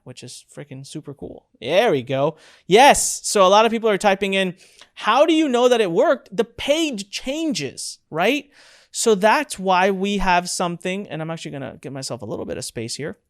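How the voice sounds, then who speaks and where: Middle-aged webinar instructor, excitable, emphatic, repeats lines, chatty asides, mid-range voice. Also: medium pitch, normal speed. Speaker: online course instructor. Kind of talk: live webinar presentation.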